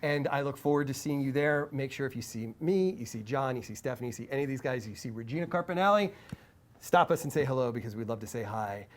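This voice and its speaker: A man co-hosting a live stream, out of breath and pitching upcoming events with energetic hype, rattling off lists of attractions. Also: quick pace. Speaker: event organizer and co-host. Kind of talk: promotional live-stream announcement.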